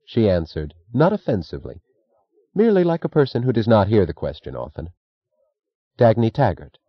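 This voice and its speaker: A man narrating an audiobook in a measured, even reading. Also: on the low side, no room sound, muffled recording. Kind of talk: scripted narration.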